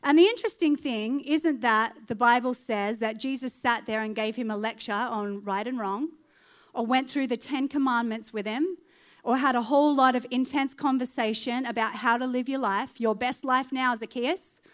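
A woman with a high voice delivers a sermon. She talks in an animated way and builds up to loud, emphatic declarations. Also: moderate pace. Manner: laughs at her own slip of the tongue. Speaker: preacher.

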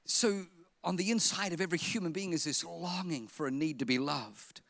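A male pastor delivers a sermon in a high, bright, ringing voice. He tells funny stories with big energy and sometimes rises to a shout. The sound is dry and close. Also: a little fast, vocal fry, dry recording. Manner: animated humorous storytelling, bursts into shouting.

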